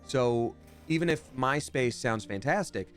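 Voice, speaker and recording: A man's voice: medium pitch, animated, unhurried, soft background music. Chatty man streaming a game. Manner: chatty, rambling, reads chat aloud. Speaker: streamer and voice actor. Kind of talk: casual livestream gameplay chat. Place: home recording setup.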